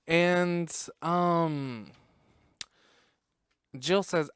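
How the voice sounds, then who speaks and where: A man's voice: medium pitch, slow pace, a bit bright, smooth, no room sound. A man hosting a podcast, recapping a movie in casual chat, swearing and laughing often, in a room at home on a close desk mic. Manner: chatty, profane, laughs often. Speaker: podcast host.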